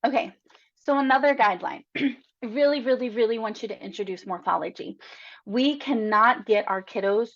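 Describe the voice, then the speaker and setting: A woman's voice: on the high side, moderate pace. A woman in her thirties presenting a reading-instruction webinar in a chatty, encouraging way. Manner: chatty and encouraging, tags statements with "right?". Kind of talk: casual webinar teaching. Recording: slightly dull lo-fi webinar audio.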